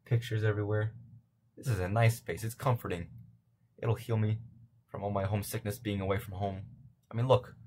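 A man's voice: lowish voice, level tone, brisk, long pauses, a little mellow, slight background noise. A young man casually commenting on a game from his bedroom, rambling and making self-deprecating jokes. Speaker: let's play gamer.

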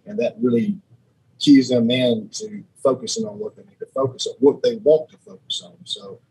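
Guy in his 30s, super raspy voice, rambles and repeats himself telling stories. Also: medium pitch, moderate pace, mellow, poor audio. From Alabama. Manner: rambling, repeats words, laughs often. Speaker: podcast guest, sheriff's lieutenant. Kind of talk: casual storytelling chat.

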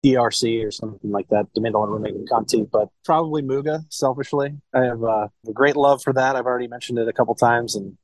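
A man's voice: mid-range voice, fast, few pauses, dry recording, poor audio. A man from Ohio, a sommelier and wine shop owner, talking casually in an interview, rambling with restarts and swearing freely. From Cincinnati, Ohio, USA.

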